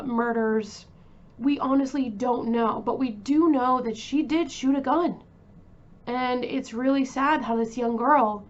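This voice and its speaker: A woman's voice: on the high side, highs cut off. A woman hosting a true crime channel, talking casually and emotionally about a case, with many fillers and restarts.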